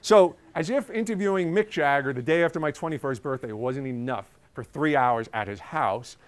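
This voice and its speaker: Man, journalist, casual storytelling, smooth resonant voice, chatty with filler words. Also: mid-range voice. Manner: chatty, with many ums and uhs. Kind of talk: casual anecdote telling.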